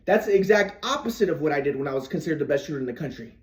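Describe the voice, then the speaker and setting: High-voiced man recounting his basketball past. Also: very fast, hardly any pauses, echoey room. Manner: demonstrates footwork while talking, acts out his father's lines; stammering restarts, earnest. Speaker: former basketball player telling his story. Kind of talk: casual storytelling monologue.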